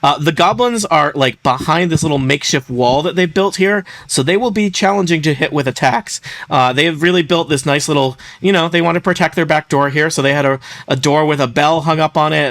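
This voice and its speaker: A man's voice: on the high side, brisk, a bit bright, no echo. A man running a tabletop role-playing game as game master, joking and laughing with his players. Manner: playful, joking, laughs often.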